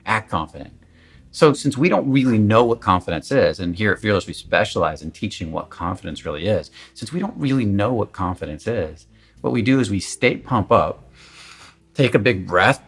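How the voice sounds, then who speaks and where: A man's voice: fairly low pitch, lively intonation, a little fast, creaky, slightly rough. A man giving a candid, emphatic coaching talk in a casual, conversational way, swearing at times. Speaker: confidence coach.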